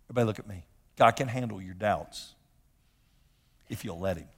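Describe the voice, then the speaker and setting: A man's voice: fairly low pitch, brisk, a bit bright, slightly rough. A middle-aged man preaching a sermon as a pastor, emphatic, repeating key phrases and telling personal stories. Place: large church sanctuary. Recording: long hall reverb from sanctuary.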